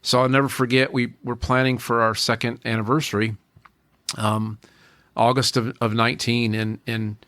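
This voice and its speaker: A man's voice: mid-range voice, flat delivery, moderate pace, a bit bright, no echo. A man in his forties, a podcast guest, telling a personal story in an earnest way, often repeating and restarting his phrases.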